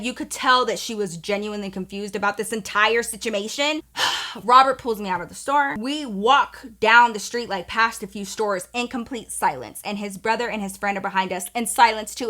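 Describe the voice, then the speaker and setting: A woman's voice: medium pitch, bright, forceful tone. A young woman telling a personal story to her viewers in a candid, profane, chatty way. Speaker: storytime vlogger. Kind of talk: casual storytelling.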